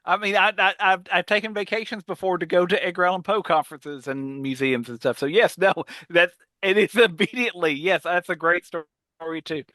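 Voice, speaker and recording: A podcast co-host in his forties swapping stories with longtime friends. His voice sits a little high and rings bright. He is recorded close on a dry mic and breaks into laughter as he talks. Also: fairly quick, dry recording. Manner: animated storyteller, laughs often. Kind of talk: casual chat.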